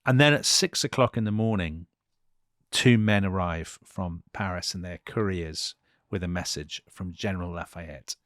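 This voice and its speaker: Low-voiced man telling history vividly. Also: moderate pace, dry recording, clean studio sound. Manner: vivid, animated retelling with acted quotes. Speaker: podcast co-host. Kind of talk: storytelling history chat.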